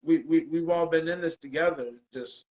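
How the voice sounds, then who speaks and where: A man hosting a casual chat show, relaxed and loose, dropping "bro" and "man" often. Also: a little high, moderate pace, lo-fi sound. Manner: laid-back, says "bro" and "man" a lot. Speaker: podcast host.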